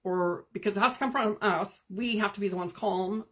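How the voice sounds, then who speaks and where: A medium-pitched woman hosts a live stream as a spiritual coach, talking viewers through meditative guidance in a calm, gentle manner. She pauses often and replies to incoming comments.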